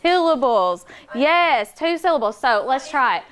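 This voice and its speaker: A woman teaching a classroom phonics lesson, patient and encouraging, slowing down to model words for the children. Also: high-pitched, expressive.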